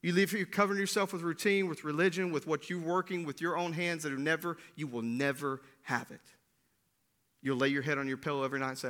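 A man preaching a sermon, swinging between loud bursts and hushed lines, often asking "right?". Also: fairly high pitch, fairly even intonation, fast talker. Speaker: pastor.

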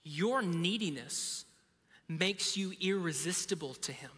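A man's voice: sits high, animated, slow pace, sharp tone, husky. A man in his thirties preaching a sermon in a casual, storytelling way with self-deprecating humor. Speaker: pastor. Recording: reverberant hall.

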